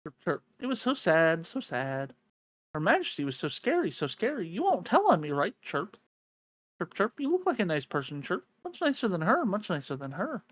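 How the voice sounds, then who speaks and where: A woman's voice: fairly low pitch, wildly swooping pitch, moderate pace, no echo. A woman voicing a timid little talking bird that repeats itself and chirps between phrases. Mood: chirpy, nervous.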